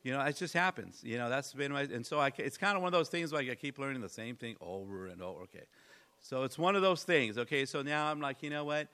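Bright-voiced man preaching to his church. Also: medium pitch, lively intonation, fast talker. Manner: conversational, rambling, repeats himself, rises in intensity. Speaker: pastor. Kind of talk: sermon.

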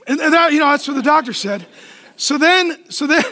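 Pastor, man, middle-aged, very high-pitched voice, lively comic sermon with questions to the crowd. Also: a little fast, in a large hall. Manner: animated, joking storyteller who asks the crowd questions. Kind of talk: humorous sermon.

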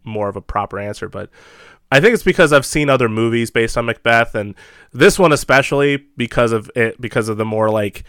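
A man's voice: medium pitch, brisk, fairly bright tone, clear, resonant tone, dry recording, studio quality. A man co-hosting a casual chat, rambling in a laid-back way with frequent chuckles.

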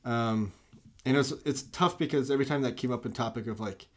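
A man's voice: medium pitch, fairly quick. A man in casual film chat, rambling and enthusiastic, full of "like" and restarts.

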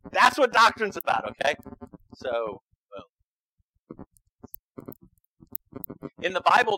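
High, bright-voiced pastor preaching. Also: male voice, breathy edge, no room sound, low-quality recording. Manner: conversational and emphatic, keeps checking in with "okay?". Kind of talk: sermon.

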